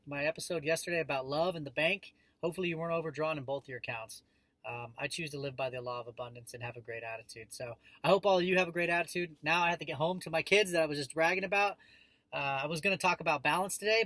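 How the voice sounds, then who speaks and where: A man in his thirties hosting a casual vlog from his parked car, telling a story with an animated delivery and frequent fillers. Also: a little high, no room sound, poor audio. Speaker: vlog host.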